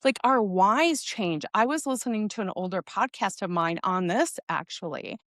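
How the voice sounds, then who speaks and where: A middle-aged woman hosting a podcast, talking casually to listeners and quietly leading a guided tapping routine. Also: medium pitch, expressive, normal speed, dry recording, clean studio sound. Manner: chatty, addresses listeners as "you guys". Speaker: podcast host.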